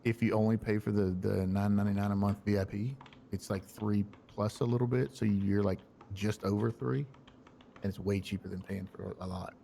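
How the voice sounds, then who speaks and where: Gravelly low man with a Southern drawl. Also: steady tone, mellow, a little hiss or hum. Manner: measured, deliberate delivery. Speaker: defense attorney in role-play. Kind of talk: role-play courtroom speech and casual chat.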